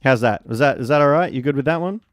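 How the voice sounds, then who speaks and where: A man streaming a game, chatting casually and excitably, greeting viewers and reacting loudly to the action. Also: mid-range voice, fast, no room sound, clean studio sound, soft background music. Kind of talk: casual live-stream chat while gaming.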